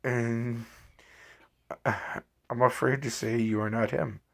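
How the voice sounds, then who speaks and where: A man's voice: medium pitch, steady tone, slow, gravelly, a bit bright, heavily acted. A man doing an earnest, questioning telepath. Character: troubled older male telepath, curious and frustrated.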